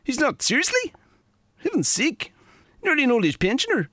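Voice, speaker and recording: A man's voice: very high voice, wildly swooping pitch, normal speed, bright, forceful tone, no room sound, clean studio sound, heavily acted. A man putting on a blunt, dismissive male football pundit who speaks emphatically and says "you know" a lot. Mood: scornful.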